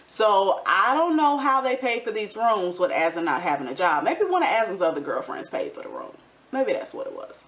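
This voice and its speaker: Sassy young woman with a lilt, gossipy recap host, medium pitch. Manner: chatty, sassy, gossipy with animated quoted asides. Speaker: recap vlogger. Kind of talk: casual TV recap commentary.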